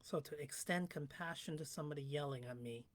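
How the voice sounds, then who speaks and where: A woman livestreamer thinking aloud in a slow, musing monologue that sometimes drifts into a whisper. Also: deep voice. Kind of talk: reflective spoken monologue.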